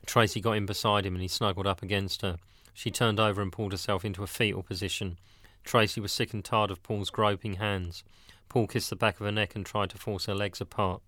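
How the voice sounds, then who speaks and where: A man narrating a dramatic story in a steady, plain storytelling manner. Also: on the low side, brisk, no room sound, clean studio sound. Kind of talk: scripted narration.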